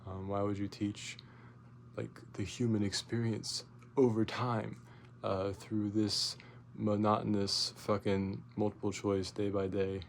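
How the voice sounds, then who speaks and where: On a casual vlog, a young man tells a rambling, profane story packed with fillers and restarts, growing loud and animated as he relives his outburst. His pitch is fairly low, his pace a little slow, and there's slight background noise.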